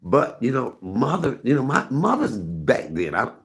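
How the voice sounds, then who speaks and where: A man's voice: medium pitch, very animated, unhurried, creaky, a bit bright. A middle-aged man hosting a live stream, telling rambling, candid stories and talking to his chat. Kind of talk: casual storytelling to viewers.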